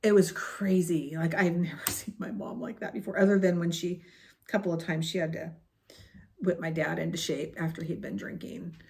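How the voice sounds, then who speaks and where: A woman's voice: lowish voice, fairly even intonation, moderate pace, vocal fry, darkish tone, a little hiss or hum. A woman in her late fifties telling a personal story in a rambling, chatty way on her crafting vlog. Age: 50s. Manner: rambling, chatty, with many fillers and asides. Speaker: crochet vlogger. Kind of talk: casual storytelling chat.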